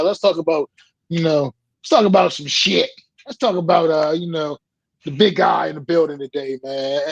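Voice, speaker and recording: A man's voice: on the high side, no echo. Man on a dull, dry call line. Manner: rambling, profane, handing off questions. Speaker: podcast co-host. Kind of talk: casual sports talk.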